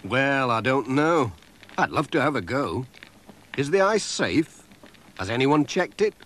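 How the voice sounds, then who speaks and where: A friendly village postman , voiced by a man, speaks with an easygoing warmth. His delivery is unhurried and lively in pitch, in a gentle children's cartoon. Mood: eager. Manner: good-natured, easygoing. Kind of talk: children's animation voice acting.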